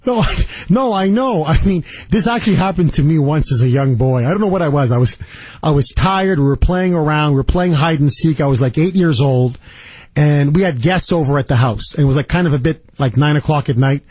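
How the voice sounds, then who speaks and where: A man hosting a talk radio show, telling stories in an animated, indignant way and taking calls. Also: a little high, fairly quick, dry recording. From Canada. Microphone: studio microphone.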